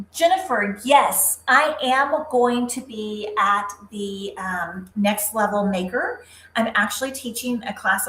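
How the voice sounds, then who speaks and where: A woman's voice: medium pitch, a bit bright, echoey room, poor audio. Chatty woman hosting a craft livestream. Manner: chatty, upbeat, talks to viewers by name while crafting. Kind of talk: casual live craft demo with chat.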